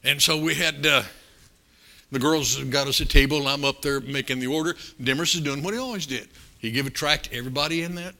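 An older preacher tells stories from the pulpit in a folksy, animated way, now and then bursting out loud. His voice is gravelly with a bright, cutting edge. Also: fairly high pitch, quick pace. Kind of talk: storytelling sermon.

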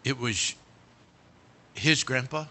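A man preaching a sermon in a church, animated and dramatic, speaking directly to the congregation. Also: medium pitch, takes it slowly.

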